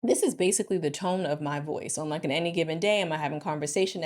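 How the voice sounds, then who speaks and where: A woman vlogger and marriage coach talking casually and reflectively to camera, expressive and thinking aloud. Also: low voice, fast.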